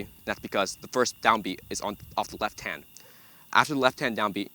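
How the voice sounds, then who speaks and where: A young man, a center snare drummer, walking through a drum break step by step with frequent ums. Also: fairly low pitch. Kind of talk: instructional walkthrough. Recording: loud background noise.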